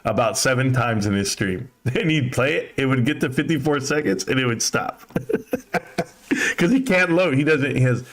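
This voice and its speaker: A man's voice: medium pitch, animated, moderate pace. A man in his fifties hosting a live stream, chatting casually and crudely, joking and mocking as he reads comments. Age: 50s. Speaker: livestream host.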